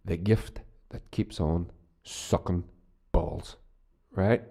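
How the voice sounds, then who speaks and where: Deep and dark, the voice of this Northern Irish man stays steady and slow. He hosts his own podcast, chatting casually in a rambling, profane manner with many restarts.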